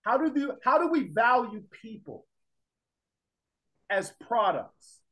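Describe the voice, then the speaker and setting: Emphatic male teacher with a high voice, lecturing and pressing the class with questions. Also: big pitch swings, slow, sharp tone, lo-fi sound. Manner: emphatic, repeats points, fires rhetorical questions at the class.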